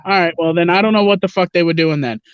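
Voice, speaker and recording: A man's voice: high voice, fast talker, clear, resonant tone, no echo. A man rambling through wrestling opinions on a video call, talking casually and swearing. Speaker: livestream co-host. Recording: dull lo-fi call audio.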